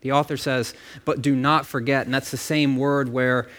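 A man's voice: medium pitch, flat delivery, normal speed, fairly bright tone. A man delivering a sermon in a loose, conversational manner. He talks directly to his listeners, breaks off into asides and repeats words as he thinks aloud. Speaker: pastor.

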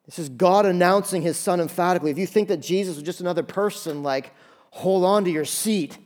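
A man's voice: high voice, fairly quick, darkish tone. Fired-up man preaching a sermon. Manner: impassioned, conversational preaching with repetitions. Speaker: pastor.

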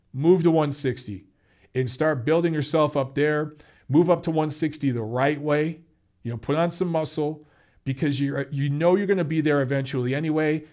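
A man's voice: a little high, darkish tone. A man giving blunt, opinionated boxing commentary straight to his viewers, swearing casually and repeating himself for emphasis.

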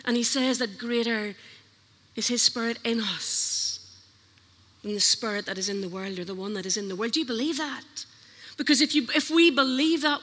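A woman's voice: on the high side, bright, forceful tone. A woman preaching a sermon, earnestly questioning her listeners. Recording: long hall reverb.

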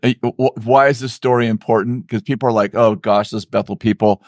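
A man's voice: mid-range voice, fairly even intonation, a little fast, darkish tone, no echo, clean studio sound. Playful man hosting a casual interview. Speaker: podcast host.

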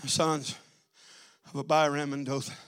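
A man with a high voice preaching a Pentecostal sermon and a lilt. He talks to the congregation in a joking, conversational way, then climbs into loud, stretched-out preaching. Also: little pitch movement, moderate pace, clean tone. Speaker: pastor.

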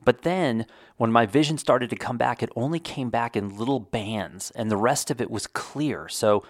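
A man's voice: mid-range voice, moderate pace, no room sound, clean studio sound. A middle-aged man hosting a solo podcast, talking casually with rambling, wry, self-deprecating humor. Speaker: podcast host.

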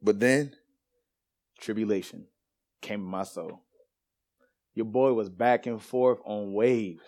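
A man's voice: fairly low pitch, takes it slowly, a little mellow. A man preaching in a church, telling a personal story with laughter and casual slang before turning to scripture. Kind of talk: storytelling sermon. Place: church sanctuary.

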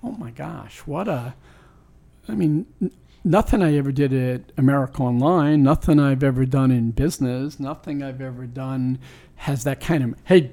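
In an interview, this New York man in his sixties, who owns a sports team, recounts something personal. His medium-pitched voice is creaky and warm, his pace moderate, and his manner earnest and thoughtful, with sentences he often starts over.

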